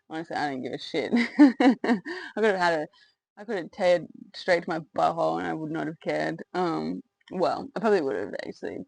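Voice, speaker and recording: A woman's voice: lowish voice, gravelly, a little mellow, no room sound, low-quality recording. A woman telling her own birth story in a candid, rambling way, with lots of fillers, laughter and swearing. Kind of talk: casual personal storytelling to camera.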